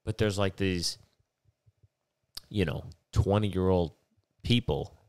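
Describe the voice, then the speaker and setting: Low smooth-voiced guy with a head cold, nasal, rambling and cursing, dry close sound. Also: slow pace, mellow, dry recording. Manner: rambling, profane, digressive. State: sick with a stuffy, nasal voice. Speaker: podcast host. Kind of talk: rambling casual monologue.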